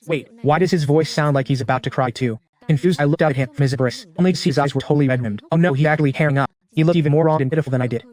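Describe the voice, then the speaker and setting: A man reels off a comic romance recap at a rapid clip, his voice sitting a little high for a man. He keeps the telling slangy, wry and teasing throughout. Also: a little mellow. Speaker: story recap narrator. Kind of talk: fast comic story recap in first person.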